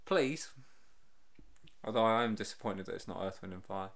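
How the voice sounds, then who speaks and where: Dry deadpan radio co-host man. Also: on the low side, normal speed, creaky. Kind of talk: casual comedic banter.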